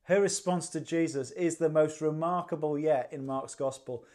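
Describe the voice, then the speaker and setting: A man's voice: a little high, fairly even intonation, normal speed, a little mellow. A man preaching a livestreamed sermon, conversational and dryly humorous, with rhetorical questions. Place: church livestream.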